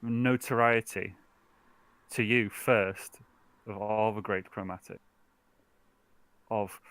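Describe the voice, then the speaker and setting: Earnest dragonborn envoy played by a man, bright tone, measured formal delivery. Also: fairly low pitch, fairly even intonation, dry recording. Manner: slow, formal petitioning speech.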